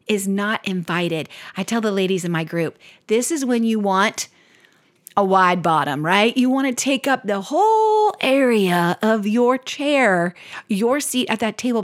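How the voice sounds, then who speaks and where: A woman in her forties hosting a faith podcast, telling personal stories expressively with soft laughs. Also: mid-range voice. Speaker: podcast host. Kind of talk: faith-based podcast talk.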